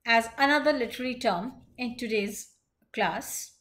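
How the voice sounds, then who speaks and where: Woman teacher with a high voice, explaining slowly w lots of uh pauses. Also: a bit bright. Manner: measured explaining with frequent pauses and fillers. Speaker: literature lecturer. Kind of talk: classroom lecture.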